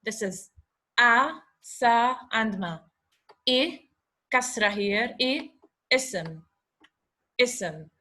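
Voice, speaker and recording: A woman teaching a slow online lesson, patiently repeating and sounding out letters over a video call. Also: a little high, bright, forceful tone. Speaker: Arabic teacher.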